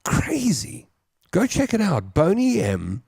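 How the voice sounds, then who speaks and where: A man's voice: medium pitch, lively intonation, normal speed, mellow, no room sound, studio quality. A man hosting a call-in show, reading listeners' comments and chatting about them. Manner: chatty, reads comments aloud and riffs on them. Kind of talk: casual chat.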